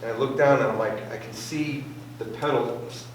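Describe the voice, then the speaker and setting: A man's voice: medium pitch, normal speed. Man telling a story in an echoey hall. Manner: storytelling with acted-out quotes and sound effects. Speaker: club member sharing a racing story. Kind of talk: casual anecdote to a group. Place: club meeting room. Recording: very echoey room, voice far from mic, faint noise.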